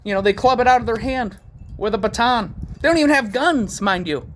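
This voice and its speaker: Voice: mid-range voice, expressive, brisk, a bit bright, slight background noise. Angry, profane political ranter. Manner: heated, profane, repetitive. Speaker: political commentary vlogger.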